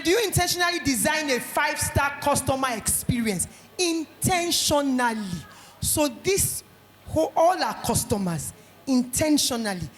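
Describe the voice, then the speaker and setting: A middle-aged woman with a Nigerian accent giving a lively motivational talk at an education conference, acting out little scenes. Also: sits high, reverberant. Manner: animated, acts out little scenes in quoted voices.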